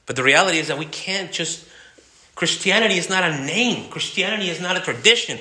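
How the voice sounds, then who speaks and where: Male pastor, bright forceful tone, impassioned sermon, roomy church echo. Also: a little high, normal speed. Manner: impassioned, repetitive, with many restarts.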